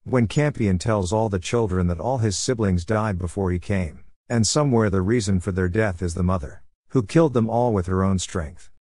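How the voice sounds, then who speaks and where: A man narrating a plot recap in a steady, even voice with simple phrasing. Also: lowish voice, normal speed, few pauses, no room sound, clean studio sound.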